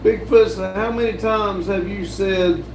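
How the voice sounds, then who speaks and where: A man hosting a live stream, his voice a bit high for a man and his pace unhurried and drawling. He reads chat messages aloud and chats back casually. The sound is roomy and echoey, with a faint hiss behind him. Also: steady tone. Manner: slow, drawling, reads comments aloud with fillers. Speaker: livestream host reading chat. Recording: echoey room with faint background noise.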